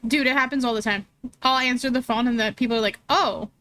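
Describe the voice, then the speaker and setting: A woman's voice: on the high side, fairly even intonation, fast talker, a bit bright, no room sound. A young woman streaming, chatting casually with her viewers and laughing often as she reads chat aloud.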